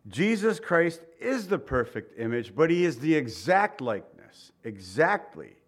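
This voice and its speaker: A man preaching a Bible teaching in a loose, conversational way, chuckling and acting out the people he quotes. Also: mid-range voice. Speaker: pastor. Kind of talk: sermon teaching.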